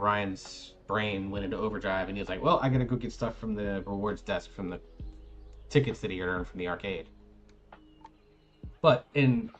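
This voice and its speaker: A man with a low voice tells a long, meandering story in casual chat, full of fillers and little restarts. He acts out what others said as he goes, with faint music playing underneath. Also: highs cut off. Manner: rambling, animated anecdote with many fillers. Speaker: streamer.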